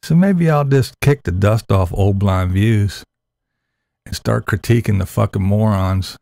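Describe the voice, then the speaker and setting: A man's voice: on the low side, animated, unhurried, vocal fry, warm tone. A man hosting a laid-back, crude morning live stream chat, talking to viewers in the chat.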